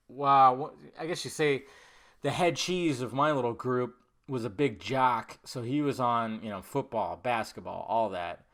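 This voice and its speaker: A middle-aged man hosting a podcast, telling a rambling, animated personal story with lots of swearing and acted-out quotes. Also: medium pitch. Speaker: podcast host. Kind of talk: casual storytelling monologue.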